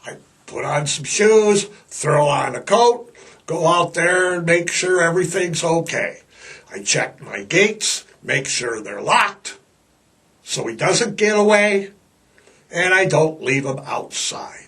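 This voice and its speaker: A man's voice: on the high side, expressive, takes it slowly, a bit bright, far from the mic. A man hosting a casual podcast monologue, blunt, rambling and fired-up. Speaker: podcast host.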